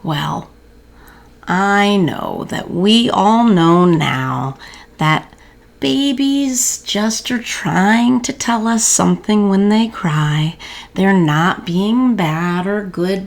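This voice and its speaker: A woman reading a children's story aloud in a gentle storytelling manner with expressive pauses. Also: fairly low pitch, vocal fry.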